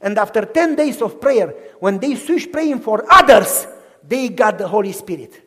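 Male pastor preaching, high voice, hushed to shouted, long church reverb. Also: lively intonation, normal speed, breathy edge. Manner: acts out quoted voices in dialogue. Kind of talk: sermon.

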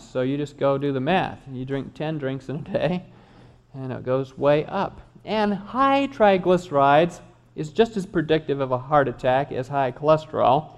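A middle-aged man, a doctor, giving an animated health lecture with joking asides to his audience. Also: a little high, dull audio.

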